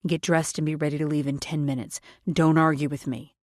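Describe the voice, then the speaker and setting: A commanding, protective mafia man, put on by a woman narrator issues short, clipped orders in a deep, hushed voice. The audiobook voice sits very low, and the read is close and dry with no room sound. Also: little pitch movement, fairly quick, no echo, close to an everyday voice. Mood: urgent commanding.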